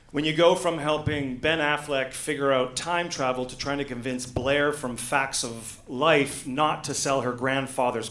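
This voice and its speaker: A man in his forties performing a stand-up comedy set, telling deadpan stories with lots of uh fillers. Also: on the high side. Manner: deadpan storytelling with frequent uh fillers. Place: comedy gala stage. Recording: echoey room.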